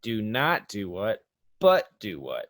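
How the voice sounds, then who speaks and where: A man with a lowish voice hosts a casual chat. He rambles through examples and turns animated as he makes a point, recorded dry and close with no room sound. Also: slow pace, no room sound. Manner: rambling, restarts often, animated when making a point. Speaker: podcast host.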